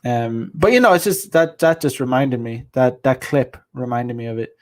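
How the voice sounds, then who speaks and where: A medium-pitched man hosts a casual livestream, reacting to viewer comments at a normal speed. He's blunt and rambling, drops crude slang, and frequently breaks off to restart a thought.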